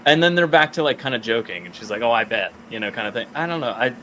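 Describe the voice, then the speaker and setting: A man talking about a comic book on a casual podcast, with an eager, animated delivery full of swearing and quick asides. He often reads dialogue aloud as he goes. His voice sits at an ordinary pitch. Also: a crowd in the background. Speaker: podcast co-host.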